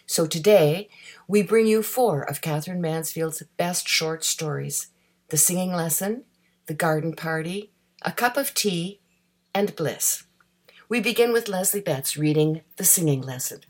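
A woman's voice: on the low side, expressive, unhurried, a little mellow. A woman presenting a readers' theatre program with a scripted, lightly humorous introduction.

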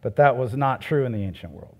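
A middle-aged male pastor preaching a sermon in a conversational way, with loud emphatic peaks and soft asides. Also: mid-range voice, expressive, a little fast.

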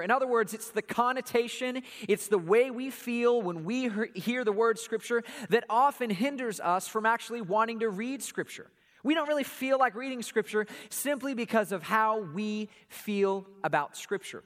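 A man's voice: high voice, normal speed, fairly bright tone. A young adult man giving a casual, playful youth sermon as a pastor, acting out what his listeners think. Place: church hall. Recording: reverberant hall.

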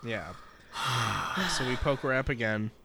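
A man's voice: mid-range voice, slow, gravelly, crowd noise. A man co-hosting a podcast, recapping a show in casual chat, profane and jokey, laughing often. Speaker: podcast co-host.

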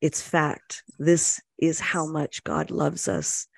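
An interview host speaking slowly in a flat, steady tone with some gravelly fry. They affirm the guest's story warmly. The sound is dry and close. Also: medium pitch, dry recording. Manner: warm, affirming listener.

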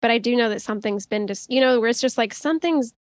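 A woman's voice: on the high side, fairly even intonation, rapid-fire, no room sound. A woman co-hosting a casual group chat, talking in rambling sentences with many fillers and restarts. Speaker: podcast co-host.

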